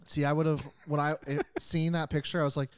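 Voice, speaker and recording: A man's voice: fairly high pitch, level tone, a little fast, clear, resonant tone, dry recording. A young man co-hosting a podcast, asking short curious questions in casual chat. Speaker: podcast co-host.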